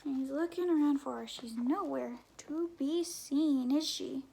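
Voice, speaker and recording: Slow gentle woman reading to children. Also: sits high, vocal fry, slight background noise. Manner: gentle questions to young listeners, often dropping to a whisper. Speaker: story time reader. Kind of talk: reading a picture book aloud to children.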